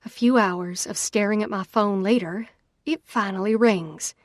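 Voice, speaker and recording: A woman's voice: mid-range voice, a little slow, no echo, clean studio sound. A woman narrating a first-person romance audiobook in an emphatic, dramatic reading.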